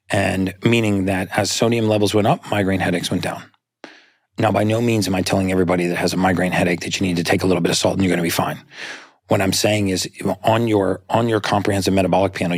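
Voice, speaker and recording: A man's voice: low-pitched, breathy edge, no echo, studio quality. A man speaking as a guest in a conversational interview, talking earnestly and explaining at length.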